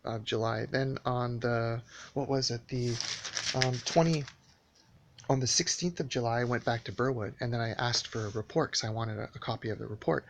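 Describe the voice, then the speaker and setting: A man's voice: mid-range voice, fairly even intonation, normal speed. A man telling a long story in a casual spoken monologue, rambling and aggrieved, with many restarts and fillers.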